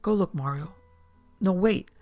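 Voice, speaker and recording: A woman's voice: fairly low pitch, unhurried, darkish tone, dull audio, faint music behind. A woman voicing a frightened young woman who sounds anxious and urgent, near panic, in a horror story reading.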